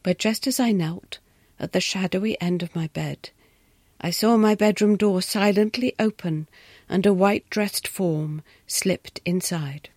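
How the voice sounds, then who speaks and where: A woman's voice: medium pitch, a little slow, darkish tone, no room sound, studio quality. A woman narrating a story expressively, often dropping into a whisper.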